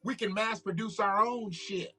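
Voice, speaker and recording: A man's voice: high-pitched, steady tone, normal speed, bright, forceful tone, soft background music. A man, hosting a livestream with blunt, profane, preachy commentary. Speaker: livestream host. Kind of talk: casual political commentary livestream.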